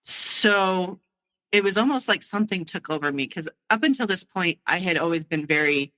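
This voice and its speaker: A woman with a bright, forceful voice recounts a painful memory in halting, emotional bursts. She restarts her sentences often as she goes back over the night. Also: fairly low pitch, expressive, poor audio. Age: adult. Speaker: guest sharing her story. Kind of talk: personal storytelling.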